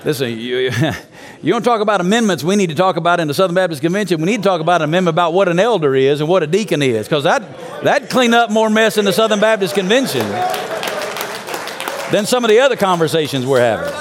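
A man preaching an emphatic, confessional sermon in a church sanctuary, his voice sitting unusually high for a man. He coaxes the congregation into calling back answers and speaks plainly about his own struggles. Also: animated, fast talker, a faint crowd. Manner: candid, confessional storytelling. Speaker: pastor.

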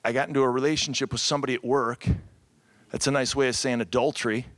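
In a conference room with round tables, a middle-aged pastor from Cleveland, Ohio, gives a talk to ministry couples at a quick pace. His mid-range voice is lively and joking as he calls out to listeners and repeats words often, captured on a dry recording.

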